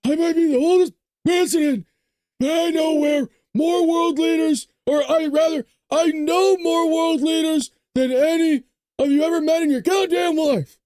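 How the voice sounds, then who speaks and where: A man imitating a cranky elderly male president who shouts angrily at reporters. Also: very high-pitched, steady tone, moderate pace, no room sound, studio quality, pitched above the performer's own voice. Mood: angry shouting. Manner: gruff, angry scolding.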